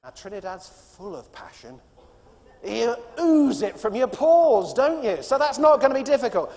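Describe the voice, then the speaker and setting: Lively, high-voiced British keynote speaker. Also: male voice, normal speed, long reverb tail. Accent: British English. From Britain. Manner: animated storyteller, emphatic and punchy. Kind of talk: motivational business keynote.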